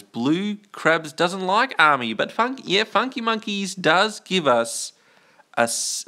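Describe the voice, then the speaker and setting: A man's voice: medium pitch, sharp tone. A man from Australia hosting a live stream, chatting in a rambling, playful way, trailing off, restarting and reading out chat comments. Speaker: livestream host.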